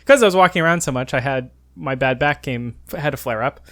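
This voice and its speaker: A man in his twenties co-hosts a podcast, telling rambling travel stories in a casual chat, packed with fillers and frequent laughter. He talks fast in a mid-range, slightly bright voice.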